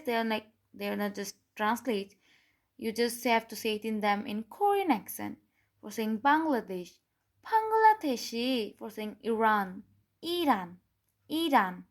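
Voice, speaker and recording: Cheerful woman teaching, repeating words slowly. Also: fairly high pitch. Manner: cheerful, repeats each word slowly for learners. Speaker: language teacher. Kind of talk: online language lesson.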